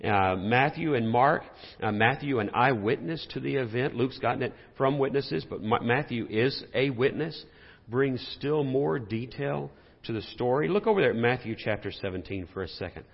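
A man preaching a sermon and explaining scripture, talking in a lively way and asking the congregation rhetorical questions. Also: mid-range voice, normal speed, creaky. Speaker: pastor. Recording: dull sound in a reverberant hall.

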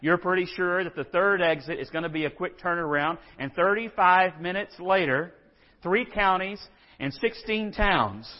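A pastor preaching a sermon in a conversational way, asking rhetorical questions and acting out quotes. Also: male voice, high-pitched, moderate pace. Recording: dull audio in a hall with long reverb.

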